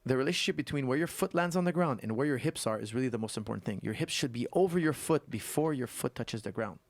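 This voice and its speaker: A man who is a guest coach on a podcast, telling stories and explaining technique in an animated way that repeats points for emphasis. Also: mid-range voice, fast talker, no room sound. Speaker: guest martial arts coach. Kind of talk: casual podcast conversation.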